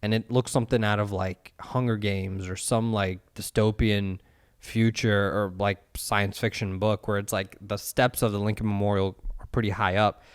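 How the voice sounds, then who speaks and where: A man's voice: on the low side, little pitch movement, normal speed, clear, resonant tone, dry recording, studio quality. A man co-hosting a podcast, agreeing often and telling a story casually. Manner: agreeable, lots of yeahs, storytelling. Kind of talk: casual chat.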